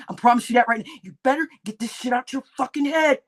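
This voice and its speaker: A woman hosting a livestream, ranting angrily, swearing heavily and breaking into shouts. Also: a little high, quick pace, hardly any pauses, husky. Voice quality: heavy cursing, shouting bursts. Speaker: livestream host. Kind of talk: angry livestream rant.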